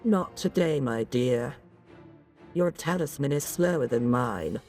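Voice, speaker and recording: A woman voicing Lily, a swaggering young female pirate from a dating-sim game, in a low, slow, boastful drawl. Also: animated, a little mellow, faint music behind, exaggerated voice. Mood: taunting.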